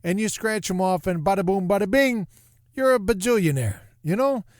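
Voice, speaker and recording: Brief: middle-aged male podcast host, playful and self-mocking, slightly high voice, dry close sound. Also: normal speed, no echo. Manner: jokey, self-mocking, animated. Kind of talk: casual comedic podcast monologue.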